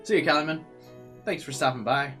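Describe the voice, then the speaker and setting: A man's voice: a little high, a little fast, pushed and bright, faint music behind. A young man streaming a visual novel, reading the narration aloud with added drama and chatting with viewers between passages.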